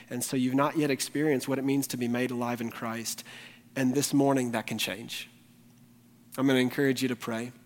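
A male pastor preaching a morning sermon, speaking earnestly and pleading directly with his congregation. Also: medium pitch. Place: church sanctuary during a morning service. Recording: long reverb of a large hall.

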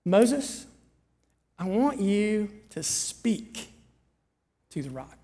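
A preacher voicing God as a calm male voice giving steady, patient instructions. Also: mid-range voice, very slow, big-room sound, full character voice. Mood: earnest.

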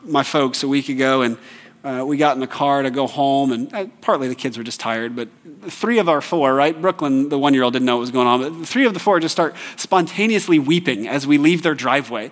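A pastor in his thirties gives a conversational sermon, his voice sitting a little high for a man. He moves easily between personal stories and scripture. A long reverb trails after his words in a church hall. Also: a little fast, fairly bright tone.

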